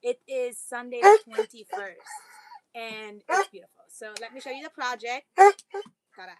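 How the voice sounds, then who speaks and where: A woman with a high voice chats loosely about energy and her projects. She rambles and stops midway to talk to her pets. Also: animated, moderate pace. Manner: rambling, talks to her dogs mid-sentence. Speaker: vlogger. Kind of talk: casual spiritual chat.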